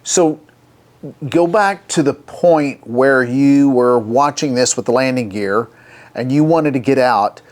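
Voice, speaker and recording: Male interviewer, calm prompting, mid-pitched voice. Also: takes it slowly. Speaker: interviewer, host. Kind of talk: interview questions.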